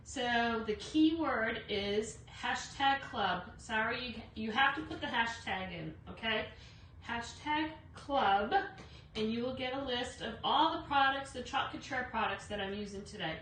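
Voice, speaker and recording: A woman's voice: fairly high pitch, moderate pace, hardly any pauses, fairly bright tone. A woman hosting a casual live craft demo, chatty, greeting viewers by name with lots of fillers. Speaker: craft livestream host. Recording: echoey room, voice from a distance, faint noise.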